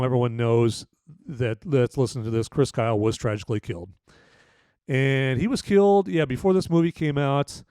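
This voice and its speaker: A man's voice: mid-range voice, darkish tone, smooth, no echo. A man with a mid-range voice casually talks through a film review, rambling and looping back with filler phrases. The recording is dry and close-miked, with no room sound. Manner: rambling, full of "you know" and restarts. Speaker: podcast host and movie reviewer.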